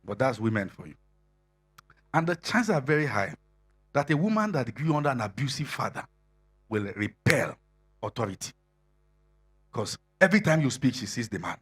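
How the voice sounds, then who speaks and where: A husky-voiced male preacher delivers a sermon to singles. He talks in a loose, conversational way and keeps laughing, then presses his points loudly. His voice sits at a middle pitch. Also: very animated, moderate pace, long pauses, soft background music. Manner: conversational preaching with frequent laughter and rising shouted emphasis.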